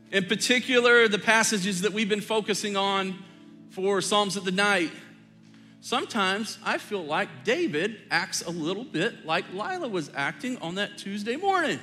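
A middle-aged man preaching a sermon as pastor, telling family stories in a relaxed, joking, conversational way. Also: high-pitched, normal speed, faint music behind. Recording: long hall reverb.

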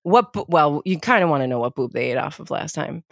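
A woman's voice: deep voice, animated, a little fast, creaky, dry recording. A middle-aged woman co-hosting a casual talk show, chatty and self-mocking, often close to laughing. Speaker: podcast co-host. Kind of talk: casual chat.

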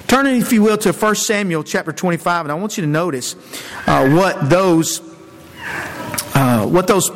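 A male pastor preaching a sermon in a conversational way, with fillers and quick self-corrections. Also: fairly high pitch, slight background noise. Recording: long hall reverb.

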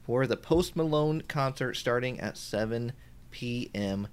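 A man co-hosting a casual podcast, talking in a relaxed way with frequent ums and restarts. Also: mid-range voice, a little slow, clear, resonant tone. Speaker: podcast co-host. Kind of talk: casual chat.

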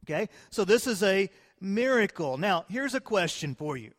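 High-voiced preacher telling a bible story, dramatic ups and downs, long echo in a hall. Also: male voice, very animated, normal speed. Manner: dramatic, swings between loud and hushed. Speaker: pastor. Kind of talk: sermon storytelling.

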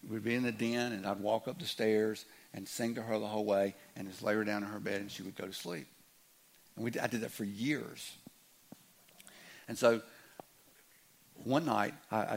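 A man in his fifties preaching a sermon as a pastor, earnest, dropping to a hush and then rising loud, often repeating his words. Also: lowish voice, fairly even intonation, normal speed, creaky, pauses often, a little hiss or hum.

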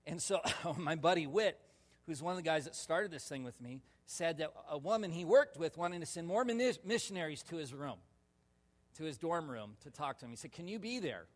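A male pastor telling a personal story in a sermon, animated and laughing, with sudden loud shouts. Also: fairly high pitch, a little fast. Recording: long reverb of a large hall.

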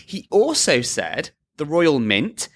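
A man's voice: a little high, huge pitch swings, slow. A man co-hosting a podcast, chatting casually about the news and leading with questions. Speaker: podcast co-host.

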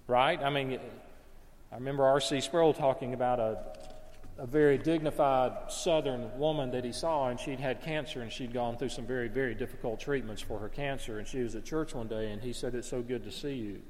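A man's voice: medium pitch, fairly even intonation, brisk, a little mellow. Man preaching a sermon in a reverberant hall. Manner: earnest, conversational preaching with self-corrections. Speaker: pastor.

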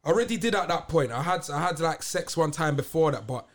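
Frank young London man, fairly high voice. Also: fast talker. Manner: frank, relaxed, keeps checking the listener follows. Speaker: podcast guest. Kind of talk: casual storytelling.

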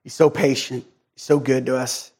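A pastor preaching a sermon in an earnest way, often repeating words and acting out short prayers. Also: male voice, medium pitch, steady tone, normal speed, a little mellow, breathy edge.

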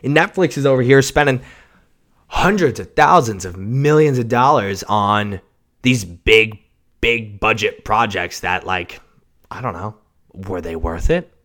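A man hosting a solo casual podcast, rambling and swearing, swinging from mumbles to shouts, on a cheap home mic. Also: on the low side, measured pace. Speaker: podcast host. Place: home recording setup. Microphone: cheap mic without pop filter.

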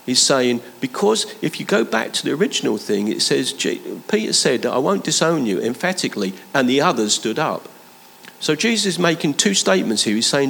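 A man's voice: mid-range voice, slight background noise, rough recording. Emphatic man preaching a sermon. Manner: emphatic, building through repeated phrases; slows and lifts his voice to stress key points. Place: church.

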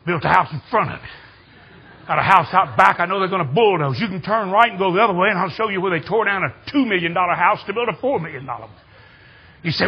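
An older man preaching a sermon in a church, telling folksy stories and building to excited shouts. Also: high voice, quick pace, slightly rough, dull audio. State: hard of hearing. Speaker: guest preacher. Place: church sanctuary.

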